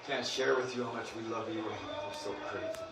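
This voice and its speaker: A man preaching on a livestream, cursing freely and swinging from loud proclamations to hushed murmurs. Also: mid-range voice, fairly even intonation, fast, vocal fry, roomy sound, recorded from a distance, over loud music, low-quality recording. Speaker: spiritual group leader.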